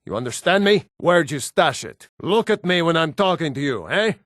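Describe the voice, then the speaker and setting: Blunt gruff Nord men. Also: male voice, on the high side, sing-song, normal speed, fairly bright tone, no room sound, studio quality. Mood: threatening. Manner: blunt, plain-spoken. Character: assorted gruff adult Nord men of a fantasy game. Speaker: video game voice actor. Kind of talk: game voice lines.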